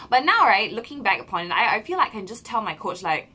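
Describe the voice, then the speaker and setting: Bubbly Malaysian woman vlogging, bright voice. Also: mid-range voice, quick pace, husky. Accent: Malaysian English. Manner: bubbly, animated, lots of "lah" and "okay". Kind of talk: casual vlog storytelling. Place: small room.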